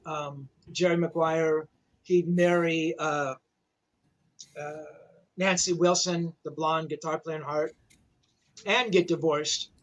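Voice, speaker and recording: Over a video call, a rock journalist in his sixties spins a long, rambling anecdote in a casual manner, peppering it with "you know, man." His voice runs on the high side and sounds a bit bright.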